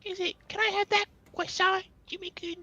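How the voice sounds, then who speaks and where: A whiny, pestering falsetto, put on by a man as a joke in a game stream. It sits very high and barely moves in pitch, with a bright, thin edge. It keeps nagging and repeating a name. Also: level tone, fairly quick, muffled recording, exaggerated voice.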